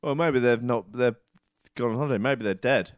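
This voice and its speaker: A man's voice: medium pitch, normal speed, no echo. Teasing man, dry sound. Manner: teasing, jokey, swears. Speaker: podcast co-host. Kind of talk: casual chat.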